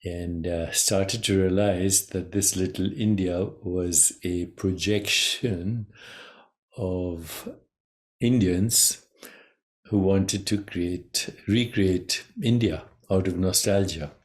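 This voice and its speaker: A man giving a measured, reflective talk on consciousness as a spiritual teacher, pausing between phrases. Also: deep voice, fairly even intonation.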